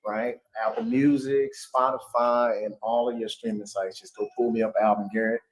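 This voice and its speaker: A man's voice: mid-range voice, little pitch movement, moderate pace, low-quality recording. A man, a guest singer chatting easily about his music in a studio interview. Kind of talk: casual interview talk.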